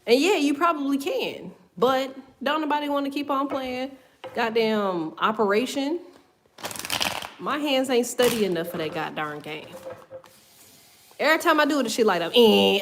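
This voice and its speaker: A woman's voice: fairly high pitch, a little hiss or hum. A woman giving a casual tarot reading. She swears freely, laughs often and drifts off on tangents. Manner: loose, profane, laughs often, goes off on tangents. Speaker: tarot reader.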